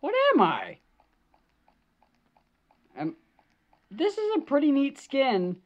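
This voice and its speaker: A woman's voice: a little high, big pitch swings, measured pace, long pauses. A woman gamer giving live gaming commentary, jumpy, swearing and shrieking at scares, on a slightly dull lo-fi mic.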